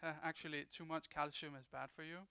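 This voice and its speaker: A man's voice: fairly high pitch, little pitch movement, quick pace, gravelly, background noise. A man giving a self-mocking, jokey talk on a convention panel.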